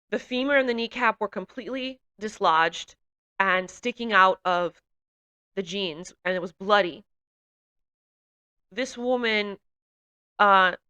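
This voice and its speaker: A woman recounts a personal testimony in a bright, clear-toned voice. She speaks earnestly and haltingly, with fillers and restarts. Her telling is heartfelt and emotional. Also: mid-range voice, dull audio. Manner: grows emotional while recounting.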